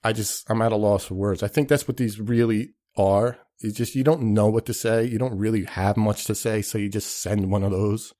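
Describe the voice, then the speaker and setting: A low-voiced man hosts a podcast, rambling through a casual comedic monologue. He swears freely, mocks himself and acts out the people he quotes. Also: fairly even intonation, moderate pace, hardly any pauses, dark tone. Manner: rambling, profane, self-deprecating. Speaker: podcast host.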